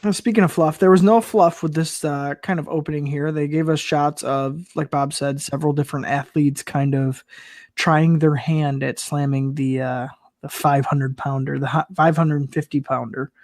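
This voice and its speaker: Male podcast co-host, slightly higher voice, laid-back and joking, dry close sound. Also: steady tone, normal speed, darkish tone, no room sound. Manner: laid-back, joking, lots of ums and agreeing. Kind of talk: casual chat recapping wrestling.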